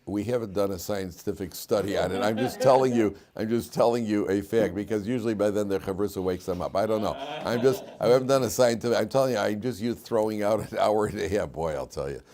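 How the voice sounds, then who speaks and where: With a crowd audible in the background, a middle-aged rabbi teaches a Torah class. He quizzes the students, stretches key phrases out slowly and loudly, and turns low and quiet for wry side comments.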